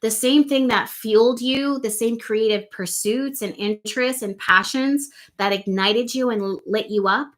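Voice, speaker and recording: A woman's voice: on the high side, unhurried, hardly any pauses. A woman hosting a live astrology stream, talking casually and asking her viewers lots of rhetorical questions. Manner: conversational, full of rhetorical questions, reads viewer comments.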